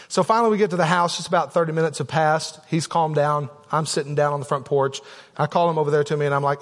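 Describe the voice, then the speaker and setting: A man's voice: a little high, steady tone, quick pace. A man preaching a sermon as a pastor, telling a candid personal story with frequent asides to the congregation. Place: church sanctuary. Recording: long reverb of a church hall.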